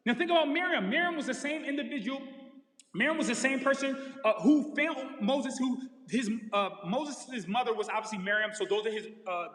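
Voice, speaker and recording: A man preaching a lively, casual sermon in slangy everyday talk, acting out the people in the story, in front of camera and lights. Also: very high-pitched, fairly quick. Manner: energetic, slangy, acts out characters. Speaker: pastor. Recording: echoey hall with long reverb.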